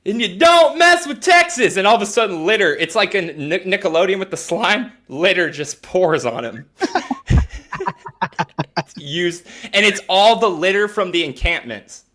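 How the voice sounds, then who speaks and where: A young adult man co-hosting a comedy podcast, riffing crude jokes in casual banter and slipping into quick put-on voices for bits. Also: sits high, sharp tone. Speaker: podcast co-host.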